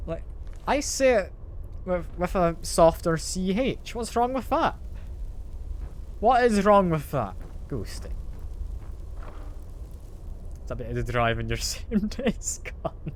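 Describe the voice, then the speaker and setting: A man's voice: sits high, sing-song, a little slow. A man streaming a game, chatting casually with his chat and playfully defending how he says a word. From Britain.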